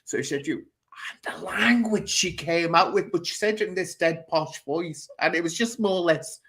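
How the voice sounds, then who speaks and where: A man's voice: high voice, fairly even intonation, moderate pace, bright, forceful tone. A man hosting a casual chat show, telling an anecdote in a theatrical, chatty way and laughing as he goes. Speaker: host.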